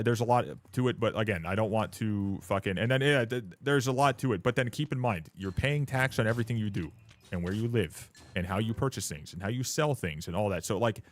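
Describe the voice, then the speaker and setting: A man's voice: fairly low pitch, no echo. Profane, ranting young man streamer. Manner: profane, ranting, blunt, laughs often. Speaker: live streamer. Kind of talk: casual live-stream chat with viewers.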